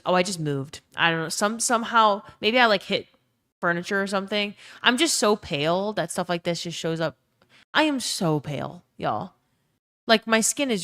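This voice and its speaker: A woman's voice: on the low side, a bit bright. A young woman with a Southern US accent chatting casually on a live stream, swearing freely and reading out chat messages. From Louisiana.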